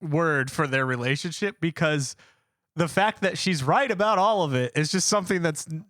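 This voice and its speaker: A man's voice: fairly high pitch, animated, moderate pace, fairly bright tone, no echo, clean studio sound. A man co-hosting a casual podcast in a laid-back way, laughing often between his points. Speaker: podcast co-host.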